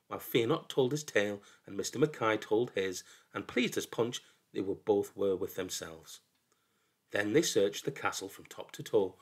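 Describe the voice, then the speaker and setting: A man narrating a folk tale in an expressive, dramatic storybook reading that drops into hushed lows. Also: breathy edge.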